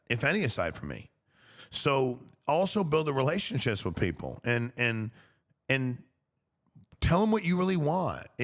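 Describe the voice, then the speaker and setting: A man's voice: medium pitch, fairly bright tone. A middle-aged man hosting a solo podcast, talking casually and plainly with slang. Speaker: podcast host.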